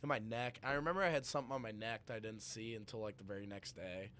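A young man chatting as a podcast guest, telling an animated story full of laughs and swearing. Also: fairly low pitch, fast talker, a little hiss or hum. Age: young adult. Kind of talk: casual chat.

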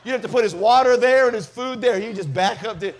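A male evangelist from Mississippi, telling a comic story in an animated way during a revival sermon. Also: very high-pitched, fast talker, slight background noise.

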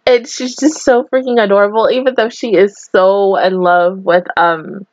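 A woman's voice: medium pitch, steady tone, moderate pace, dry recording, lo-fi sound. A young woman hosting an anime reaction, gushing and giggling through casual commentary full of "like" and "oh my god".

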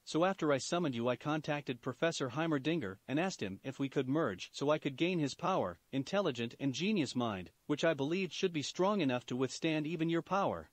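A smug, defiant young hero who speaks with confident command, as a male reader voices him. His pitch moves with lively turns and sits fairly high for a man. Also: fairly quick, few pauses, no room sound.

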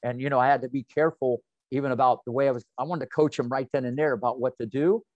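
Man, 60s, coach, animated storyteller, colorful slang, muffled dry recording. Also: medium pitch, fast talker, dry recording. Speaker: tennis coach. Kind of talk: interview storytelling. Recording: dull, dry audio.

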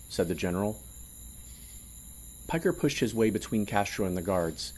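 A man narrating an audio drama in a measured, storytelling delivery. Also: lowish voice, a little mellow. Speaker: narrator and producer.

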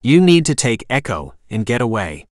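A man's voice: medium pitch, sing-song, moderate pace, no echo, studio quality, lightly acted. Determined young woman, urgent, lighter voice, read by a man.

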